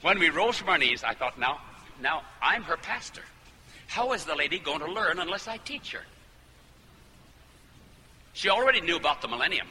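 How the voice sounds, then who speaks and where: Guy preaching in a church hall, bright tense voice, long reverb, little hiss. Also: fairly high pitch, sing-song, normal speed, pauses often. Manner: fervent, rising to emphatic climaxes. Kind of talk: sermon. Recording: hall reverb with faint noise.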